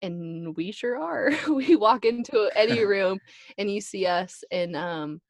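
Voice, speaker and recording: A woman's voice: medium pitch, takes it slowly, no echo. Chatty woman telling a family story. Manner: animated storyteller, acts out quoted voices. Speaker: guest. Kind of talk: casual chat.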